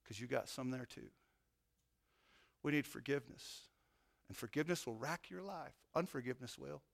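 A middle-aged man, a police chaplain, preaching an emotional testimony that swells to loud, fervent peaks. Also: mid-range voice, lively intonation, moderate pace, creaky. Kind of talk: sermon testimony.

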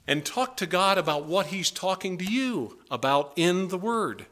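A man's voice: high-pitched, expressive, measured pace, hardly any pauses, fairly bright tone. A pastor preaching a sermon to his congregation in a church, in an earnest, pleading manner with emphatic swings. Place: church sanctuary.

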